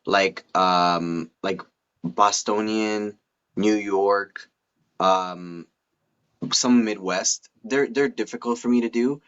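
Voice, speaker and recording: A man's voice: lowish voice, slow pace, fairly bright tone, clean tone, highs cut off. A man speaking as a guest in a casual live chat, hesitant and full of fillers.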